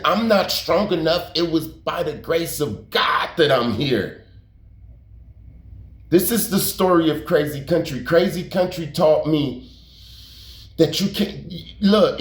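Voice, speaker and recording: A man with a fairly high voice tells a story in a loose, rambling way. He repeats words, drops slang and curses for emphasis. The room is roomy and echoey. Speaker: YouTube storyteller. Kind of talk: casual storytelling monologue. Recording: roomy echo.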